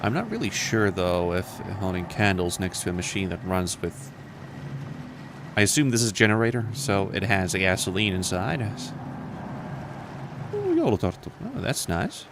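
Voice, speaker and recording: A man's voice: animated, moderate pace. A man with a somewhat American accent, commentating his gameplay on a live stream with profane, wry asides. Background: game sounds and rumble.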